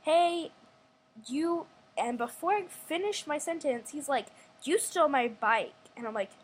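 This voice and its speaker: A young woman with a fairly high voice tells a story casually, rambling through many restarts and acting out what people said. She records at home, with faint ambient hiss behind her. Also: expressive, normal speed, rough recording. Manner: rambling, restarts often, acts out quotes.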